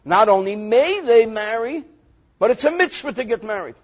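Male rabbi, reading, lively joking lesson; raspy tone and a muffled, low-fi recording. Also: moderate pace. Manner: animated, joking, reads Hebrew verses then translates. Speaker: rabbi teaching Torah.

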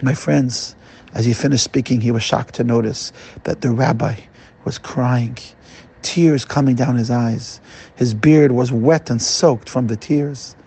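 A man's voice: medium pitch, measured pace, gravelly, mellow, husky. A man, a rabbi, tells a dramatic moral story and addresses his listeners directly. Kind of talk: storytelling to an audience.

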